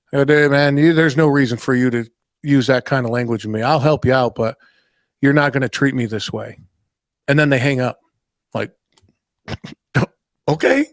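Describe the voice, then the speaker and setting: Hosting a laid-back podcast conversation, a man with a medium-pitched voice shares anecdotes, imitates customers' remarks in various voices, and swears offhandedly. The sound is clean studio audio with no room sound.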